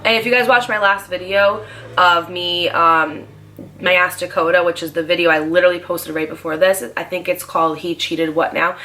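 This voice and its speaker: A woman's voice: fairly low pitch, little pitch movement, sharp tone, slight background noise. A young woman in her twenties telling a storytime vlog, chatty and full of "like" fillers. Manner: chatty, fast, heavy use of "like". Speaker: vlogger. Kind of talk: casual storytime.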